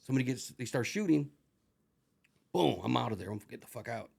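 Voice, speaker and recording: A man's voice: medium pitch, lively intonation, fast talker, gravelly, a little mellow, breathy edge. A middle-aged man, a retired corrections officer, telling rambling, profane stories as an interview guest. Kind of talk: casual storytelling.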